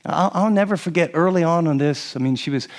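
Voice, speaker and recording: A middle-aged man preaching on marriage, lively and laughing often as he acts out what husbands and wives might say. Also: a little high, quick pace. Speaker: pastor. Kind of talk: sermon on marriage to a live audience.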